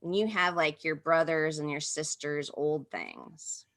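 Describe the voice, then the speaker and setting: Bright-toned woman pastor telling a story. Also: low-pitched, big pitch swings, unhurried. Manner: intimate, vivid, with many fillers. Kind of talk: second-person guided storytelling. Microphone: video call.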